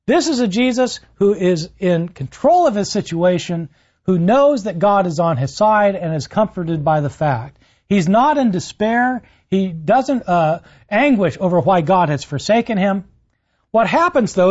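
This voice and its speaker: A man lecturing on the gospels and retelling scenes with animated delivery, lifting his voice for quotations, with frequent "uh" fillers. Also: high-pitched, dull audio. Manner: animated storytelling, rises for quotes, frequent "uh" fillers. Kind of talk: university-style lecture.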